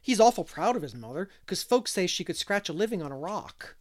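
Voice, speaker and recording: A man's voice: sits high, very animated, fairly quick. A man voicing a chatty, mischievous little boy who rambles and keeps asking questions. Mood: eager.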